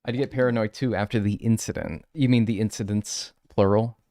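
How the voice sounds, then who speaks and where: A man's voice: lowish voice, steady tone, brisk, dark tone, faint music behind. A man streaming a game live, chatting casually and joking with his chat from his room.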